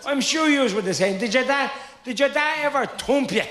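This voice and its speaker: A man with a Dublin accent doing live stand-up comedy, telling broad, animated stories with pauses for punchlines. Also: very high voice, reverberant, a little hiss or hum.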